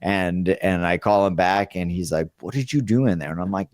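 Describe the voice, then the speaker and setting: A man's voice: deep voice, moderate pace, hardly any pauses, no echo. A man casually telling a rambling story about his acting start, often laughing as he goes. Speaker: guest storyteller.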